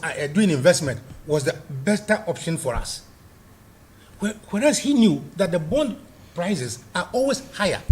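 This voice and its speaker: An angry man with a Ghanaian accent, a guest delivering heated political commentary and repeating points for emphasis. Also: high-pitched.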